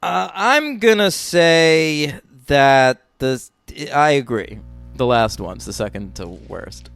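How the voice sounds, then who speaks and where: A man's voice: on the high side, animated, takes it slowly, gravelly, a bit bright, clear, resonant tone. Blunt, profane man on a podcast. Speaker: podcast co-host. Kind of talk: casual film podcast chat.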